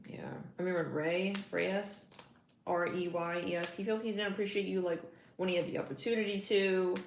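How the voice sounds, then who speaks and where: A woman's voice: on the low side, fairly even intonation, normal speed. A woman giving a casual tarot reading, chatty and slangy, getting emotional as she talks. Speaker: tarot reader. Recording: echoey room, faint noise.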